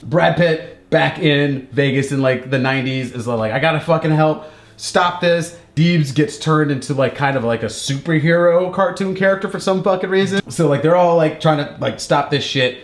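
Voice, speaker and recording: A man's voice: on the high side, moderate pace. Rambling, profane man in an echoey room. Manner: rambling, profane, heavy on filler "like", acts out characters in silly voices. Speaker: podcast co-host retelling a movie plot. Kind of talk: casual comedic chat.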